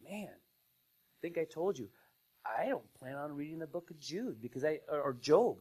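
A man preaching a sermon in a conversational style, rising to loud emphasis and dropping to quiet asides. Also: a little high, expressive, normal speed, breathy edge, low-quality recording. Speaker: pastor.

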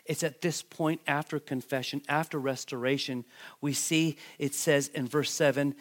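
A middle-aged man preaching a sermon, animated and calling out questions to the congregation. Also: on the high side, moderate pace. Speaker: pastor.

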